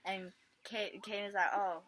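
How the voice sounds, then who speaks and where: A woman's voice: medium pitch, moderate pace. A young woman telling a made-up story to friends in a casual, giggly way and acting out the lines. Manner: giggly, animated, acts out quoted lines. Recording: noisy home video.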